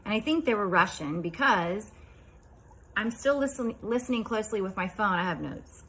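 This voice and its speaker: A woman in her fifties casually recounting a strange dream, chatty and rambling, dropping into quiet asides. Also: mid-range voice, animated, moderate pace, slight background noise, poor audio. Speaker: vlogger.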